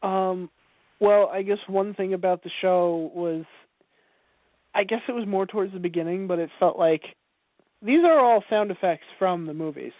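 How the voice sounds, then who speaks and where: A man co-hosting a casual podcast chat, hesitant and quick to laugh. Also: high-pitched, no echo. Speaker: podcast co-host. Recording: dry, phone-like lo-fi audio.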